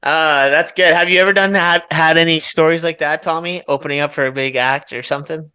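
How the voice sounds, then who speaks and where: Bright-sounding podcast guy, chill, trails off quiet at the end. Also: on the high side, fairly even intonation, brisk, clean tone, no echo. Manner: laid-back, trailing off softly. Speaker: podcast co-host. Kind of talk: casual chat.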